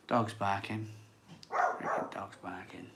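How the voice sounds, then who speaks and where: A man's voice: on the low side, creaky, very noisy. A man, hosting a casual live stream, chatting and reading out viewer comments, rambling and repeating himself. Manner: chatty, rambling, repeats phrases, laughs often. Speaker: beer channel host reading live chat.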